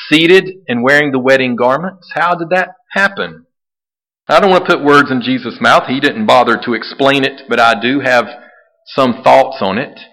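Bright-voiced man preaching a lively sermon. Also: medium pitch, poor audio. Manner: animated preaching, acts out quoted voices. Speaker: pastor.

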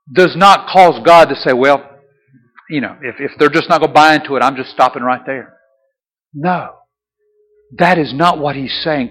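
A man's voice: high voice, a bit bright, big-room sound, rough recording. A man preaching a sermon, emphatic and repetitive, asking rhetorical questions.

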